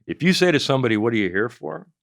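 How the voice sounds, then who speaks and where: A middle-aged Canadian man, a comedian and former investigator appearing as a guest, tells an animated, profane anecdote in an interview, acting out quotes. His mid-range, gravelly voice races, recorded in studio quality with no room sound.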